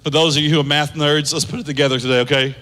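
A pastor in his fifties preaching a sermon in a large church, animated, with big swings in pitch and shouted peaks. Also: rapid-fire. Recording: long hall reverb.

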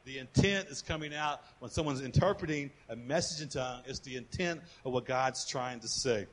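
In a mid-range voice and at a slightly fast clip, a man preaches as a pastor. His sermon is lively, full of repetition as points build, with calls for the congregation's response and quiet, hushed personal stories.

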